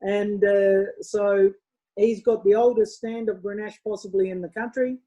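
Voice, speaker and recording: Aussie woman chatting about wine, husky and mellow, rambles a bit. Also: mid-range voice, fairly even intonation, normal speed, muffled recording. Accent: Australian. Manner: chatty, rambling, self-correcting. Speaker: co-host of a wine show. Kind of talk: casual chat.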